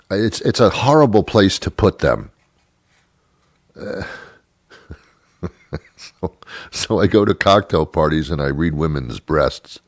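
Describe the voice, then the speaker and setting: A middle-aged man hosting his own show, ranting in a rambling, sardonic way and chuckling at his own jokes. His voice sits very low, and the sound is close and dry with no room around it. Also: expressive, slow pace, long pauses, dry recording. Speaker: radio show host. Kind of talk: comedic monologue rant.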